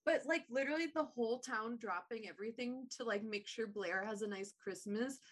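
Animated woman recapping a movie. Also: on the high side, fairly quick. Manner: animated, swearing, acts out quotes. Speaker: podcast co-host. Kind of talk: casual chat recapping a movie.

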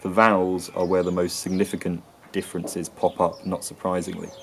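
An English man with an English accent explaining accents and sounds in a lesson, often pausing with ums and restarting phrases. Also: deep voice, flat delivery, vocal fry, slight background noise. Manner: hesitant, frequent ums and restarts. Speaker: accent and linguistics presenter.

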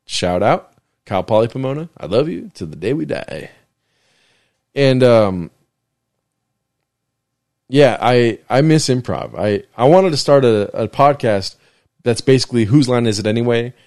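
A young man hosts his solo podcast from a desk in his living room, rambling from joke to joke with plenty of swearing. His pitch swings widely as he slips in and out of mock voices. The sound is close and dry. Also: lively intonation, measured pace, pauses often, darkish tone, no room sound. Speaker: podcast host. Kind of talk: casual solo podcast chat.

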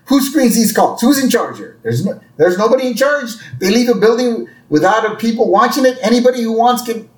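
A furious old cartoon rabbi, as a man puts him on, ranting in a squeezed voice pitched far above a normal man's and tumbling out the words. The sound carries a roomy echo. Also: lively intonation, brisk, few pauses. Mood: outraged.

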